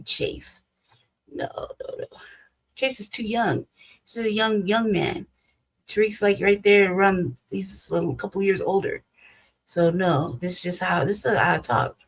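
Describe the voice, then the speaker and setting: A woman's voice: mid-range voice, creaky, slightly rough, poor audio. A woman host with African American English, giving blunt, profane commentary as she reacts to a debate clip. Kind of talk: casual commentary.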